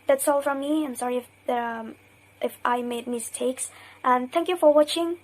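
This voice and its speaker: A young woman with a high voice talks through a class presentation as a student. She explains carefully, repeating example words and pausing to correct herself. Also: low-quality recording. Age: young adult. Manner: hesitant, self-correcting.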